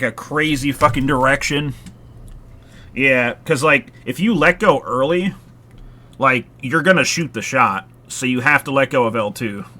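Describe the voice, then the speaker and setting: Streaming a horror game live, this man talks in a bright, forceful, mid-range voice, with slight background noise behind him. His chatter is casual and meandering, full of fillers and casual cursing.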